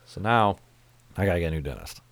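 A young man tells a profane, animated story as a podcast host in casual chat. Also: low-pitched, quick pace, no room sound.

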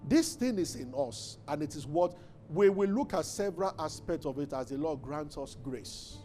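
A man's voice: a little high, animated, moderate pace, warm tone, faint music behind. A man preaching a fervent sermon as pastor, building to emphatic declarations.

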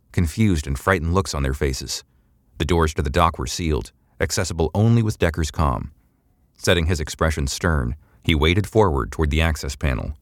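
A male narrator reading a sci-fi serial in a steady, measured way. His voice is extremely deep, and the recording is dry and close with no room sound. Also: no echo. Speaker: audiobook narrator. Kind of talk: scripted audiobook narration.

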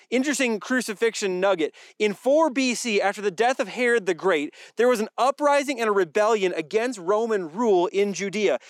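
Male pastor, high voice, conversational sermon delivery with wry asides, dry recording. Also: no room sound. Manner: conversational preaching with dry jokes and repeated phrases.

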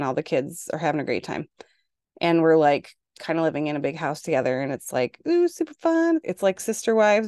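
A woman from Minnesota in her forties, hosting a casual podcast monologue and telling parenting stories in an exasperated, animated way. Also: low voice, clean tone, no room sound, studio quality. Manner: exasperated, animated storytelling with acted-out quotes. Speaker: podcast host.

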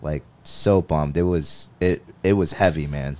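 Low-voiced laid-back podcast host. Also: male voice, measured pace, a little mellow. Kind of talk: casual interview chat.

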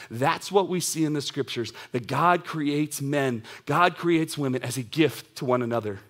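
A man in his thirties preaching a sermon to young adults, conversational and animated, with casual asides. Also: a little high, normal speed, few pauses.

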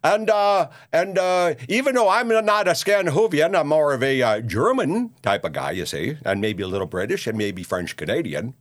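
A man doing a folksy older ex-radio host with a thick Minnesota accent. He rambles and brags, tossing in "you see" and "uh" everywhere. His voice sits high and leaps up and down in wild swoops. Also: sing-song, moderate pace, few pauses. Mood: rambling. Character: blustering older male ex-radio talk host. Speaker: show host. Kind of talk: comedic character monologue.

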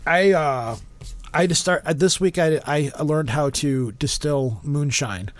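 A talkative man with a fairly high voice, rambling through a story and stumbling over his words. His voice sits close and dry with no room echo. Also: unhurried. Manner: rambling storyteller, many restarts. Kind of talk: casual chat.

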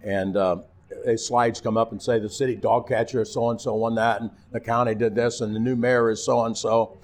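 An older man, a retired TV announcer, telling lively anecdotes in a casual interview and acting out the voices of the people in them. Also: medium pitch, moderate pace. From Missouri.

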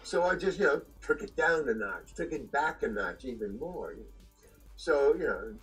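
An older man, an actor being interviewed, telling stories in a halting way with restarts and chuckles. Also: mid-range voice, animated, a bit bright, slightly rough, faint music behind, poor audio. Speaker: actor guest. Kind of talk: anecdotal storytelling.

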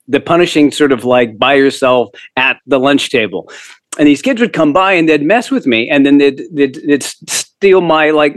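A middle-aged man from Canada, a humor writer telling stories as a guest in a casual interview, self-deprecating and quick to laugh. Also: mid-range voice, dry recording.

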